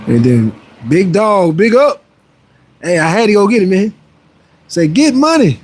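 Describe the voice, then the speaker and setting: Background noise surrounds this man's high, very animated voice, which runs a little slow. He's a fitness trainer streaming casually, reading out viewers' messages and answering with upbeat motivation and some playful bragging.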